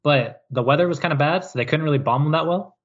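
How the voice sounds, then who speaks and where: Husky man rambling through a joking recap. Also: fairly high pitch, quick pace, dull audio. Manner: joking, rambling history recap with mock quotes. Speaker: podcast co-host. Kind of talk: casual chat.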